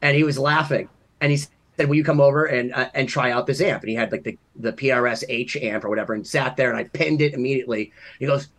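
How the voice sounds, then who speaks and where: A man in his thirties co-hosting a podcast, telling long stories with big swings between loud and quiet. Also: mid-range voice, fast talker. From Massachusetts. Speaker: podcast co-host. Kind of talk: casual chat.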